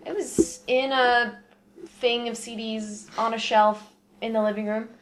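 A woman's voice: on the high side, steady tone, a little slow, low-quality recording. A young woman co-hosting a podcast, telling rambling stories in casual chat. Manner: chatty, rambling storyteller. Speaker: podcast co-host.

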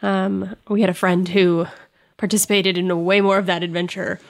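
A woman's voice: lowish voice, level tone, moderate pace, gravelly. A young woman chatting on a casual podcast, matter-of-fact and careful with details. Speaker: podcast co-host.

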